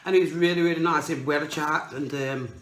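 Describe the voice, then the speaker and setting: A woman from England co-hosting a casual food vlog, lively and bossy, laughing a lot. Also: sits low, fairly quick, reverberant. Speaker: vlogger co-host.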